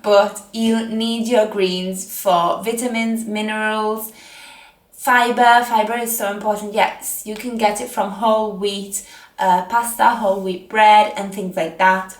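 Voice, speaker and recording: A woman's voice: mid-range voice, little pitch movement, a little slow. A young woman with an Italian accent giving casual fitness advice from home, chatty and self-mocking with rambling asides. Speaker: fitness vlogger. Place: home, seated on a chair. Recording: echoey room.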